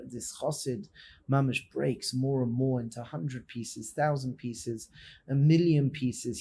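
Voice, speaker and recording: A man, a rabbi, telling a story in a sermon, dramatic and swinging between loud and hushed passages. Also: mid-range voice, slightly rough.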